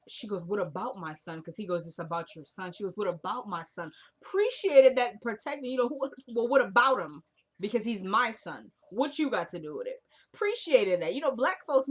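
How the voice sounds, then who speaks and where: A woman's voice: mid-range voice, expressive, fairly quick, husky. Chatty woman recapping a TV episode. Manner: retells scenes by acting out quotes, chatty.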